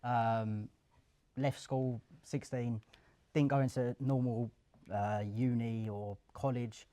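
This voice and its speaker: A young man tells his story at a live event in an office. He is chatty and lively, slipping into the voices of the people he quotes. His voice sits at an ordinary middle pitch. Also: takes it slowly. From Essex, England. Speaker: guest, career switcher. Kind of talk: casual storytelling interview.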